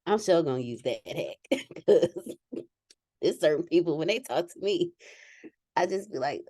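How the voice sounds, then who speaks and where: A woman hosts a relaxed group video call, laughing often and speaking with candid energy. Her voice sits a touch low but swings widely in pitch. The sound is dry and close. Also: a little slow, pauses often, husky, no room sound.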